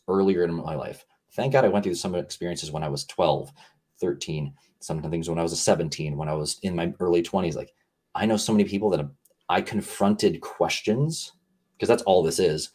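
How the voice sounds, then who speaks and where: Man, very low voice, husky, earnest and rambling, podcast guest. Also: normal speed, darkish tone. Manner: earnest, rambling, heavy use of "like". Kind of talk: reflective conversational talk.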